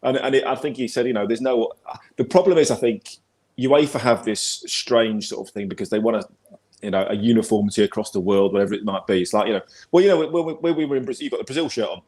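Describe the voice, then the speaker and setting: This Englishman in his forties has a lowish, darker voice and speaks fast. Appearing over a video call as a guest football pundit, he rambles, repeats himself, and keeps the talk chatty and casual.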